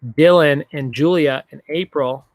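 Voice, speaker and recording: A man's voice: on the high side, unhurried, no room sound, clean studio sound. Upbeat man hosting online trivia. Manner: upbeat, repeats questions, jokes with viewers. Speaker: trivia host. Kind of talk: live-streamed trivia hosting.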